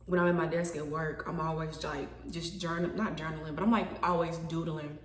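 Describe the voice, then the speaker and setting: A woman's voice: deep voice, fairly even intonation, brisk, reverberant, distant mic, crowd noise. A woman vlogging to camera in a casual, rambling monologue, thinking aloud and questioning herself. She is self-conscious, stumbling and repeating words as she goes.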